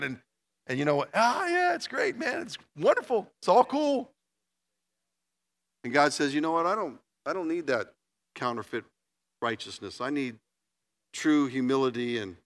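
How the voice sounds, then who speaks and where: A man preaching a sermon as a pastor, in a conversational, animated style, acting out voices as he tells the story. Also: mid-range voice.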